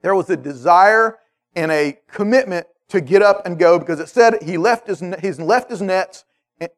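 A man whose voice sits high for a male speaker preaches a sermon in an animated, conversational way. He keeps checking in with his listeners, often asking "okay?"

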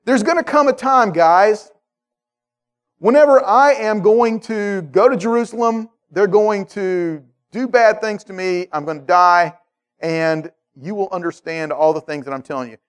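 Guy preaching, putting on a calm soft jesus, gentle and steady, kinda high voice. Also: measured pace, clean tone. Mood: earnest. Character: calm reassuring male teacher Jesus.

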